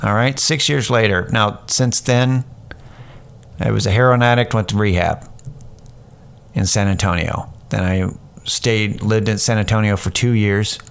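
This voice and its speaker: A man's voice: on the low side, measured pace, vocal fry, smooth. Guy in his 30s rambling thru a story on his podcast, swears a lot, super candid. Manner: candid, rambling, profane, animated when quoting others. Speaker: podcast host. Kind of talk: casual storytelling monologue.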